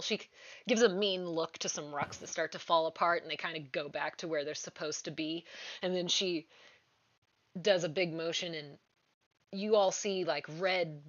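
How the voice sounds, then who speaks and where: A woman's voice: low-pitched, a bit bright, lo-fi sound. A woman game master narrating a tabletop game in a hesitant, casual way with frequent ums. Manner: hesitant, many ums, giggly asides.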